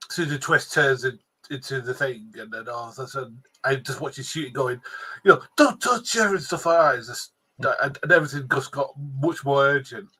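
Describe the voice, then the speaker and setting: Excitable bright-voiced man retelling scenes. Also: mid-range voice, breathy edge, poor audio. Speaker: podcast co-host. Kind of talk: casual review chat.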